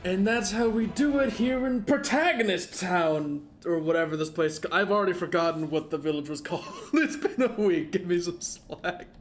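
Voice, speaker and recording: High-voiced joking man streaming a game. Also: moderate pace, hardly any pauses, soft background music. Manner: excitable and joking, laughs often. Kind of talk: casual gameplay commentary.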